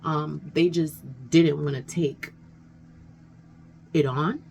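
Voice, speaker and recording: Woman, low gravelly voice, casual rambling storytime, faint background noise. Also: fairly even intonation, takes it slowly, a little mellow, poor audio. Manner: rambling, conversational, frequent "you know what I'm saying". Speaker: vlogger telling a story.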